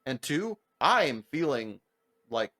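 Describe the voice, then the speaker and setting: A young man co-hosting a podcast tells stories in a casual, animated chat, swearing heavily, using lots of filler words, and acting out the voices of the people involved. His voice is mid-range and his pace is slow.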